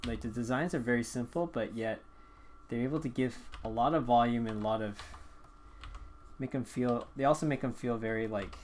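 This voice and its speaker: A man's voice: medium pitch, normal speed, a little hiss or hum. Laid-back man chatting as he draws. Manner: relaxed, rambling, frequent filler words. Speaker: drawing livestream host. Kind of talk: casual chat while drawing.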